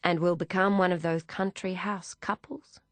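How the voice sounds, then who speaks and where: A woman's voice: fairly low pitch, steady tone, normal speed, no room sound, close to an everyday voice. A woman voicing a young man who speaks with wry resignation, in an audiobook reading. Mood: resigned.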